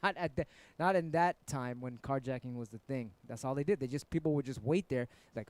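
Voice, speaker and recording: A man's voice: medium pitch, expressive, fairly quick, hardly any pauses, darkish tone, no room sound. A middle-aged man from San Francisco, chatting casually with viewers on his live stream and telling rambling stories full of swearing. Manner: laid-back, profane, rambling storytelling. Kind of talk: casual livestream chat with viewers.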